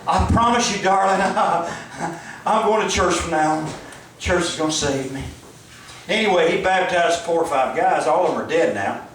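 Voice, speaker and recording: A high-voiced man with a Southern accent rambles through profane jokes from a stage. He is picked up from a distance in a very echoey hall. A crowd can be heard around him. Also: moderate pace, fairly bright tone, a little hiss or hum. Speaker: guest speaker at a fan event. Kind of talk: crude comedic stage talk. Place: event hall stage with audience.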